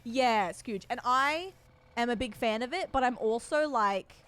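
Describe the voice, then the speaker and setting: A woman from Australia with a soft Australian accent, chatting casually with her viewers while streaming a game. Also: a little high, a little slow. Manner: chatty storyteller, talks to her chat by name. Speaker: livestreamer.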